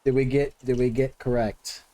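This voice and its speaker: A man's voice: medium pitch, little pitch movement, moderate pace, mellow. A man streaming a video game, chatting casually with viewers and thinking aloud as he plays. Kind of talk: casual gaming commentary.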